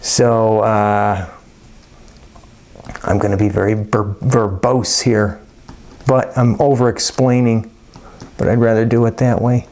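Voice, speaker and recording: A man's voice: fairly low pitch, flat delivery, slow, long pauses, a little mellow, slight background noise. Folksy, rambling man teaching chemistry. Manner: folksy, rambling, jokey asides. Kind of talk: casual lecture.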